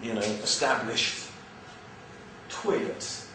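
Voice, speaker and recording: An English man with a mix of upper-class and East London accents gives an animated, joking religious lecture to an audience. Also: lowish voice, slow pace, background noise. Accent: English, mixed with East London. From England. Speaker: Islamic speaker. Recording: very echoey hall, mic far off.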